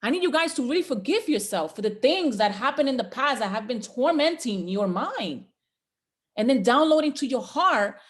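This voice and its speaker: A woman's voice: high-pitched, lively intonation, normal speed. A woman giving a motivational talk to a group call, preacher-like and exhorting, with repeated rallying lines. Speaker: motivational trainer.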